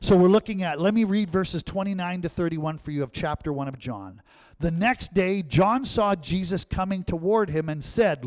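A man preaching a sermon as pastor, animated and often checking in with the congregation. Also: high-pitched, moderate pace.

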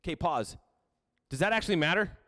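A man's voice: high voice, lively intonation, brisk, pushed and bright, dry recording, clean studio sound. A man preaching a sermon with casual, joking asides as he reads and explains scripture. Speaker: pastor.

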